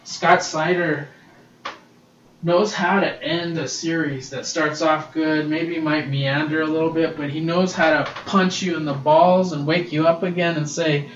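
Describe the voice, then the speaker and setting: A man's voice: on the high side, steady tone, measured pace, a little hiss or hum. A man hosting a casual solo podcast, gushing and swearing freely as he reviews comics, recorded on a laptop's built-in mic. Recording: roomy, distant, dull laptop-mic recording.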